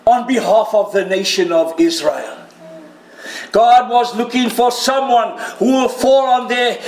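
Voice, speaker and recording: Male preacher, high voice, unhurried delivery, bursts of loud emotion, echoey church hall. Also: slight background noise. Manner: animated, cries out quoted prayers loudly; jokes with the congregation and home viewers. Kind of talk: sermon. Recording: roomy hall with faint ambience.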